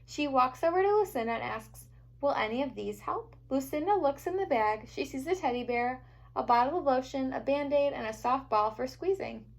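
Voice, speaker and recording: A teacher reading a picture book aloud to young children, gentle and expressive. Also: female voice, high-pitched, a little fast. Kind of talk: storybook read-aloud for children.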